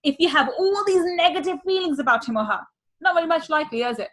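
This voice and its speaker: A woman's voice: high voice, quick pace, a bit bright. A woman money mindset coach teaching a workshop, repeating key phrases with energy.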